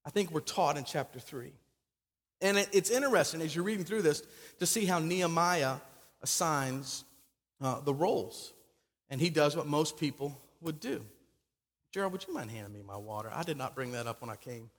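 Pastor guy preaching, pretty high voice, lively storytelling, long echo off a big church hall. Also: normal speed. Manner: animated storytelling preaching with rising emphasis. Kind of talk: sermon. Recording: long reverb of a large hall.

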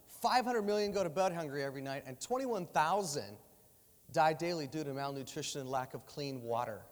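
Man preaching, sermon storytelling, slightly high voice, acts out voices, lingering church reverb. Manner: animated, acts out dialogue in voices. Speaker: guest preacher. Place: church sanctuary. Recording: long hall reverb in a church.

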